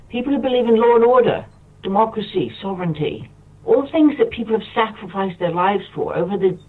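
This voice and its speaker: A man's voice: sits high, slightly rough. A man from the United Kingdom speaks as a radio show guest, close to tears, rambling and impassioned, repeating himself. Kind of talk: impassioned monologue. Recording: distant tinny phone line.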